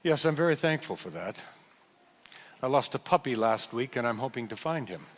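A man voicing a polite British man who lost his puppy, in a soft, low put-on British accent. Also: lively intonation, normal speed, a little hiss or hum, natural voice. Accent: attempted British. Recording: reverberant hall.

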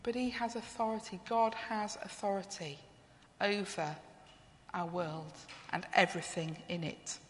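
A woman's voice: medium pitch, steady tone, a little slow, a little hiss or hum. A woman preaching a sermon. She reflects on her theme and asks the congregation questions. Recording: long reverb of a church hall.

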